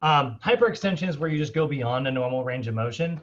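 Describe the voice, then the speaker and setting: A man teaching a fitness class online, casual and upbeat, sprinkling his talk with fillers and quick laughs. His voice comes through a dull, lo-fi video call line. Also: medium pitch, animated, fairly bright tone. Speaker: fitness instructor.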